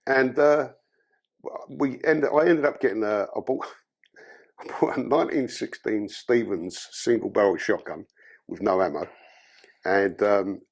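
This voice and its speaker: A man from London with a low, husky London accent tells his life story on a podcast. His delivery is blunt and full of swearing, with a gravelly rasp in the voice. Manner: blunt, profane storytelling with swings in pitch. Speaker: podcast guest. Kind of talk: casual spoken life story.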